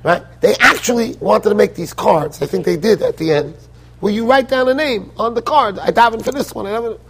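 An American man, a rabbi giving a Torah lecture in a yeshiva study hall, animated and full of rhetorical questions. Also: high-pitched, a little fast, slightly rough. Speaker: rabbi teaching a Torah class.

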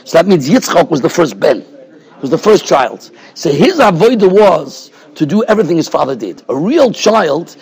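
Husky high-voiced rabbi teaching. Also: male voice, sing-song, moderate pace, a little mellow. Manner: discursive, explanatory, keeps checking in with "right?". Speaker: rabbi teaching a Torah class. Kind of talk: Torah class lecture. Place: yeshiva study hall.

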